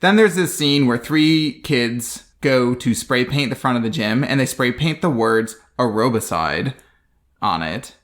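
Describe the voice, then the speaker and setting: A man's voice: medium pitch, lively intonation, a little slow, fairly bright tone. A man co-hosting a podcast, recapping a bad movie in a casual, dry, sarcastic way. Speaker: podcast co-host.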